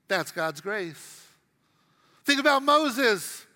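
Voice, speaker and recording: A man's voice: high voice, a little slow, pushed and bright, long reverb tail. A middle-aged man preaching a sermon with humor, acting out quotes while telling stories. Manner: humorous storytelling with acted quotes. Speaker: pastor.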